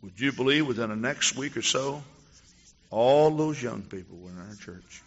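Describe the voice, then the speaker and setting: A male pastor preaching a testimony sermon, telling a story with animated storytelling and acting out the dialogue. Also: medium pitch, moderate pace, big-room sound, highs cut off.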